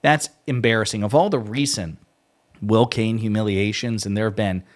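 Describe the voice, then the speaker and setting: A man hosting a political commentary video, talking in a mocking, animated way and mimicking the people he criticizes. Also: fairly low pitch, normal speed.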